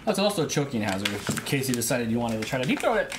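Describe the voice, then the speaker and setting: A woman's voice: a bass voice, sing-song, fast. A woman co-hosting a baking stream in a home kitchen, joking around casually and reading the packaging aloud in a goofy way. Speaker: co-host. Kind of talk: casual chat while baking. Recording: noisy live-stream audio.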